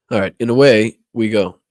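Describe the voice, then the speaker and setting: A man's voice: on the low side, creaky, darkish tone, no echo, clean studio sound. A man hosting a political show, giving impassioned, profanity-laced commentary and repeating words as he gets emotional. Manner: heated, profane, repeats words when worked up. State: emotional, near tears.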